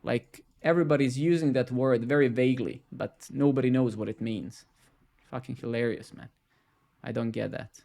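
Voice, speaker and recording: A man's voice: medium pitch, fairly even intonation, moderate pace, gravelly. Swearing man ranting while he codes. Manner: profane, ranting, keeps tagging "right?" and "man"; drops into quiet muttering while debugging. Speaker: live coding streamer. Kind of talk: casual live-stream rant while coding.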